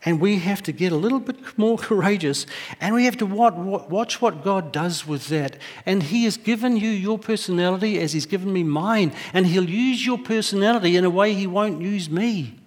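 A man, a pastor preaching a sermon and telling lively, humorous stories. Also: sits high, normal speed, few pauses. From New Zealand. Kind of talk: sermon with personal anecdotes. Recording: echoey hall.

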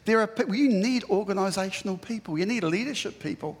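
A man's voice: sits high, a little fast, husky, long reverb tail. A man preaching a sermon to his church, conversational and emphatic, often acting out what people say. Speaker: pastor.

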